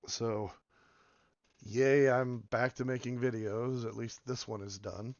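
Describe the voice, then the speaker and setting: A man with a hoarse voice from being sick, rambling casually as he comments on a game and drifts between topics. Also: medium pitch, fairly even intonation, takes it slowly, no room sound, dull audio. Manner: rambling, meandering, many fillers. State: hoarse from illness. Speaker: game video host.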